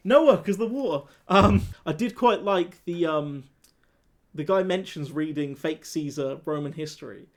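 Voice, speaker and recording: Animated guy reviewing a film. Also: fairly high pitch, unhurried. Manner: animated, acts out characters with laughter. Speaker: podcast co-host. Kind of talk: casual film review chat.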